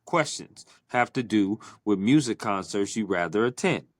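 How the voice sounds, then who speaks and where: A man hosting a podcast, asking quick either-or questions in a playful, teasing way. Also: fairly low pitch, lively intonation, no room sound, clean studio sound. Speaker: podcast host. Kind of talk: casual interview chat.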